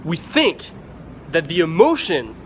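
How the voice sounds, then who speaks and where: A man vlogging to camera, giving casual advice in an animated way, swearing freely and acting out excited examples. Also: fairly high pitch, slow, slight background noise.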